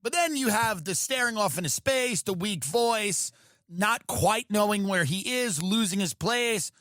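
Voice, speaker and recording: A man hosting a podcast, riffing in a profane, animated comedic rant. His voice is bright and fairly high, and it sounds close and dry. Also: a little slow, dry recording. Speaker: podcast host.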